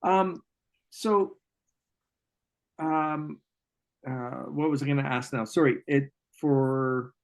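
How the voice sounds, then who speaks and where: A man's voice: mid-range voice, fairly even intonation, slow, gravelly, long pauses. A man hosting a casual interview as a psychic medium, talking reflectively with many restarts and fillers. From Canada.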